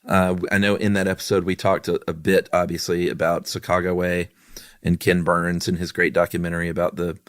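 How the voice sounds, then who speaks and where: Man, very low voice, casual podcast co-host, easygoing, self-deprecating, dry close sound. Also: a little fast, dry recording. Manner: relaxed and self-deprecating, many fillers. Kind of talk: casual chat.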